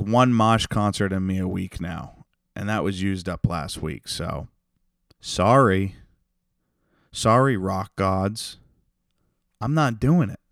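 A young man hosting a solo comedy podcast, ranting in an unhinged way that swings from creepy whispers to loud outbursts. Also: fairly low pitch, gravelly, no echo, clean studio sound. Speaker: podcast host.

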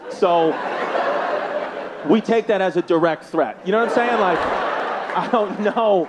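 A man's voice: sits high, a little slow. A man with a New York accent doing profane, brash stand-up comedy and crowd work, laughing through his punchlines. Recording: loud live crowd and noise. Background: loud crowd laughter.

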